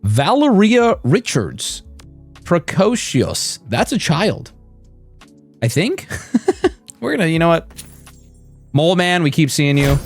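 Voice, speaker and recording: A male streamer opening card packs live and reading the cards aloud, excitable and profane. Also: fairly high pitch, takes it slowly, pauses often, faint music behind.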